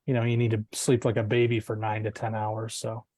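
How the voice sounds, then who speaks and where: A man giving his sports picks in a halting way, often repeating words as he thinks. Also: on the low side, monotone, a little mellow, dry recording. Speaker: sports panelist. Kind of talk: casual sports picks chat.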